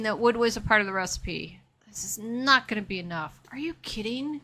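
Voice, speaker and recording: A woman's voice: medium pitch, animated, normal speed, pushed and bright. A woman streaming a game live, chatting casually with her viewers and talking herself through what she is doing. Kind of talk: casual live-stream chat while playing.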